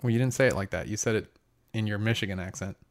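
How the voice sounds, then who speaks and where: A man's voice: fairly low pitch, fast talker, gravelly. A man from Pennsylvania hosting a casual podcast chat at a studio mic, wry and teasing, swearing freely. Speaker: podcast host. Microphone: studio mic with foam cover.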